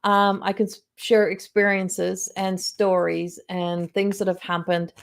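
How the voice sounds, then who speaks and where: A woman's voice: medium pitch, level tone, unhurried, gravelly. A middle-aged woman hosting a psychic medium livestream from home, chatting casually and animatedly to viewers, often acting out quoted voices.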